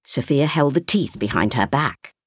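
A woman reading a story aloud, slowly and expressively. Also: very deep voice, lively intonation, breathy edge, dry recording, studio quality. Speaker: narrator.

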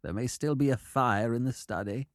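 Man doing a calm, curt old professor. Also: mid-range voice, no room sound, clean studio sound, close to an everyday voice. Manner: level, curt, unhurried. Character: calm, inscrutable older male professor.

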